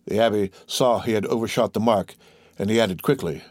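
Steady male audiobook narrator, dry sound. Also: lowish voice, fairly quick, no room sound.

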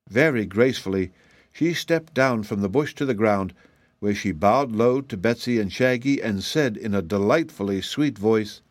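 A man narrating a fairy tale audiobook in an even, measured storytelling voice. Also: fairly low pitch, no room sound.

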